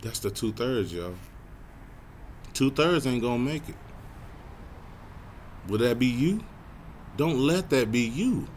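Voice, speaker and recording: A man teaching a Bible study lesson in a casual, direct way. He slows right down to read scripture aloud, jumps up in pitch, and lets tag words trail off softly. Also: expressive, a little hiss or hum. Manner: casual, addresses listeners directly.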